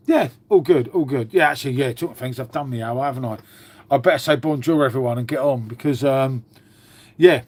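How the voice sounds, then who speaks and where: Chatting live with viewers, this man swears openly while talking to his dog. His voice sits on the high side with a darkish tone, and the recording has no echo.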